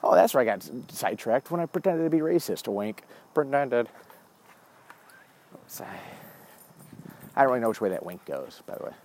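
A show host in his forties walks a dog while delivering a rambling, profane, casual monologue that wanders off track. His mid-range voice has a darkish tone, and he's very animated and talks fast.

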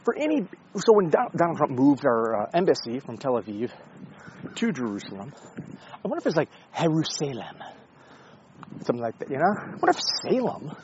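A man's voice: on the high side, a little mellow, highs cut off, slight background noise. A man talking casually in a rambling, sarcastic way, with frequent swearing and self-interruptions. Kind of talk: casual opinion monologue.

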